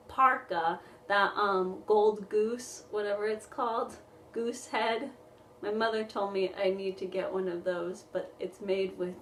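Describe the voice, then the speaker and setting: A woman's voice: mid-range voice, distant mic. A chatty woman vlogger who rambles in a casual, laugh-filled way. Her voice sits a little away from the mic in a roomy, echoing space. A faint room hum sits underneath. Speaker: music therapist vlogger. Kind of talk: casual chat to camera. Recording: roomy echo, voice somewhat off-mic.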